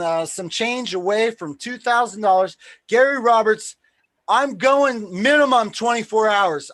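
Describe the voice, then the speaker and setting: A high-pitched man hosting a live stream tells a story in a loose, excitable way, swearing freely and acting out what others said. His voice sits close and dry on the mic, with no room sound around it. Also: no echo. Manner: excitable, swears freely, acts out quoted dialogue. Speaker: live stream host and tournament promoter.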